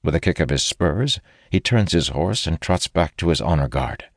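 Low voiced guy reading a fantasy book, steady pace, dry close sound. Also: moderate pace, dry recording. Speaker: audiobook narrator. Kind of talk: first-person fantasy narration.

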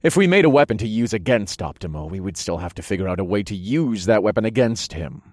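A smug male supervillain in an audiobook. His voice is very low but lively in pitch, rising and falling as he schemes. The sound is dry and close. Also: fast talker, dry recording. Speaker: first-person narrator. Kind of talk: audiobook narration.

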